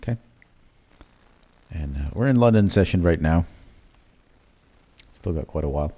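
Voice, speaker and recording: A man with a low voice speaks at a moderate pace while hosting a live crypto trading stream. He thinks out loud as he marks up charts, using lots of fillers and "right?" tags. His commentary is relaxed and self-correcting as he draws.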